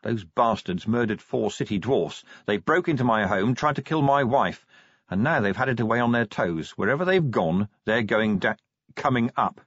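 Brief: a man as a middle-aged watch commander for an audiobook, curt and barely contained, husky and dry. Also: medium pitch, expressive, moderate pace, a bit bright, no echo, highs cut off. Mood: angry. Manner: curt, sarcastic, barely holding his temper.

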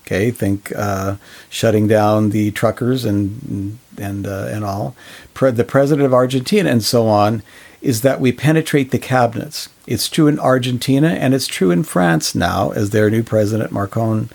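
A man's voice: medium pitch, normal speed, vocal fry, a little mellow. A man co-hosting a podcast in casual discussion, speaking earnestly with many fillers and restarts. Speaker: podcast co-host.

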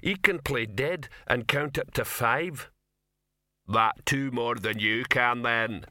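A man voicing slow, dim-witted male trolls with broken grammar in an audiobook. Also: mid-range voice, pushed and bright, no room sound, studio quality.

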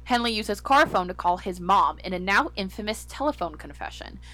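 A young woman hosts a podcast, reading case notes at a quick clip and then chatting frankly. Her voice sits at a middle pitch, and her tone is brisk and plain. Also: animated, bright, forceful tone, faint music behind. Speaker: podcast co-host.

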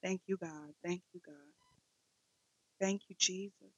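A woman's voice: fairly low pitch, fairly even intonation, unhurried, fairly bright tone, breathy edge, no echo, highs cut off. A woman hosting a devotional podcast, speaking in a fervent, repetitive prayer cadence. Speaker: podcast host.

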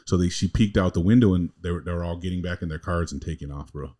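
A man's voice: low-pitched, quick pace, mellow. A man co-hosting a podcast, telling a long family story in a rambling, slangy, casual way. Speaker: podcast co-host.

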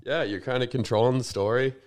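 A man's voice: mid-range voice, fairly even intonation, brisk, a little mellow. A man co-hosting a podcast in laid-back, teasing casual chat. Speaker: podcast co-host.

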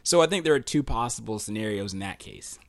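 A man co-hosting a casual podcast, excitable and quick to laugh as he thinks out loud. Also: lowish voice, creaky, dry recording. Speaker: podcast co-host.

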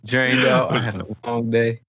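A man's voice: medium pitch, flat delivery, moderate pace, a bit bright, dry recording. A man joking around in casual podcast chat.

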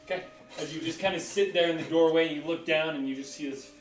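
A man running a tabletop game as game master, relaxed and often repeating himself. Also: a little high, fast talker, roomy sound, distant mic, faint music behind.

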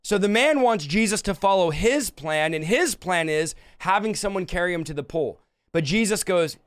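A man's voice: sits high, animated, moderate pace, fairly bright tone, clear, resonant tone, dry recording. A man preaching a fervent sermon, repeating phrases and acting out quoted dialogue.

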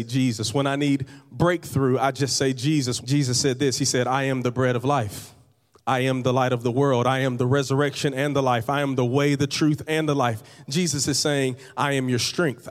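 A man pastor preaching a sermon to his congregation, conversational, with repeated phrases and light humor. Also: medium pitch. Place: church hall. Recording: long reverb of a large hall.

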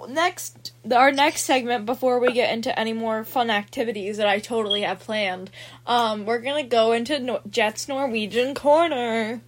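A woman co-hosting a casual group podcast, talking in a slow, hesitant way. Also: fairly high pitch, background noise. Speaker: podcast co-host.

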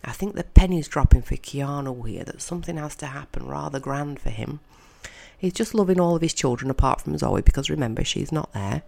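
A woman's voice: sits low, fairly quick, gravelly, a little mellow. A woman giving casual, wry commentary as she narrates a film, chatting and thinking aloud. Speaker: audio narrator.

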